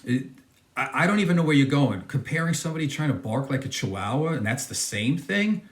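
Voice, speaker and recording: A man's voice: medium pitch, expressive, fast talker, echoey room. A man hosting a reaction video, talking in a casual, emphatic and mocking way as he comments on a clip.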